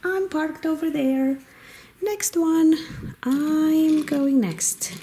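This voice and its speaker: A woman's voice: high voice, extremely slow, warm tone, slight background noise. A woman playfully narrating a children's toy car game in a sing-song way, making car and animal noises.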